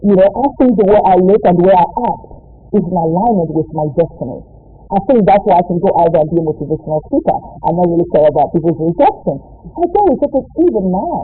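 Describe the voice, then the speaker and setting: A woman's voice: on the low side, lively intonation, fast. A young woman talks like a motivational speaker, stressing each point and repeating herself for weight. She sounds far from the mic. The sound is thin and boxy, like an old radio broadcast. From Nigeria. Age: young adult. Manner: emphatic, preachy, repeats lines for stress. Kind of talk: impassioned interview talk. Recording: distant, tinny phone-like radio sound.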